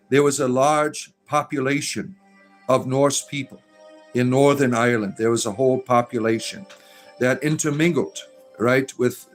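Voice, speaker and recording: A middle-aged man hosting a casual livestream, reading viewer comments aloud and rambling with many fillers. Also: mid-range voice. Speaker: livestream host reading chat.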